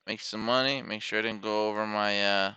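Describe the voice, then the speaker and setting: A man's voice: on the low side, fairly even intonation, a little fast, pushed and bright, clean tone, dry recording, muffled recording. A man giving live commentary on his stock trades, thinking aloud and correcting himself as he places orders. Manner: self-correcting, muttering to himself over trade entries.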